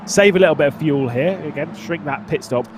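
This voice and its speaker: A man's voice: fairly high pitch, fairly quick, background noise. A man with an Australian accent, doing laid-back co-commentary on an esports race, often laughing and saying "mate".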